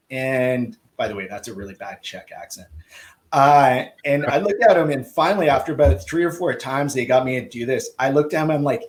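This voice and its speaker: Male guest, swim coach, casual anecdotal storyteller, lively delivery with acted-out dialogue. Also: mid-range voice, normal speed, poor audio. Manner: lively, acts out quoted dialogue.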